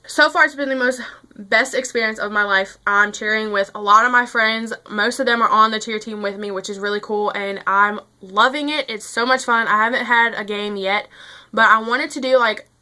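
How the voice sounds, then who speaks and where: A woman's voice: on the high side, normal speed, pushed and bright. A teenage girl chatting casually to camera as a vlogger, rambling with lots of fillers and a little out of breath. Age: teens.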